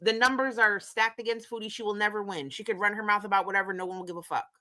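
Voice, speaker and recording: A woman's voice: medium pitch, fairly even intonation, quick pace, sharp tone. A woman hosting a casual commentary stream, talking bluntly and profanely and getting worked up as she reacts. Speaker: commentary host.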